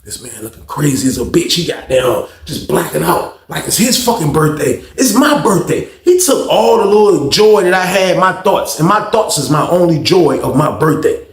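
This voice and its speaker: A man telling a story from his own life in a casual, animated and profane way, speaking straight to his listeners. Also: fairly high pitch, moderate pace, hardly any pauses, roomy sound.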